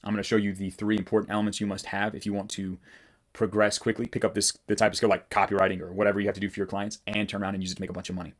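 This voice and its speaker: A man delivers a casual motivational lesson straight to camera, rambling and blunt, tossing out loose fillers. His voice sits on the low side and the words tumble out quickly. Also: little pitch movement. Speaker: copywriting coach.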